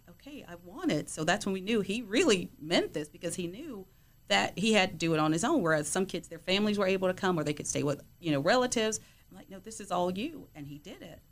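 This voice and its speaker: A middle-aged woman telling stories about her son in a casual podcast chat, with lots of "you know" fillers. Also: mid-range voice. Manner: warm storytelling, frequent "you know" fillers. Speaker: guest, player's mother.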